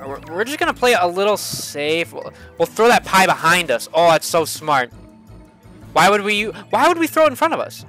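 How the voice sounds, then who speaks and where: A young man giving excitable, swearing commentary while playing a kart racing game, often jumping up into high yelps. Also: moderate pace, faint music behind. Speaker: gaming channel host. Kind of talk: let's play commentary.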